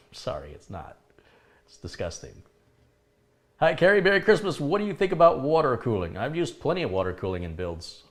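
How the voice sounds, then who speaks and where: A chatty middle-aged man hosts a live stream and reads out viewer messages. His voice sits a bit low, and he answers each message in a loose, conversational way. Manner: chatty, laughs at his own remarks. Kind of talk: casual live chat, reading viewer comments.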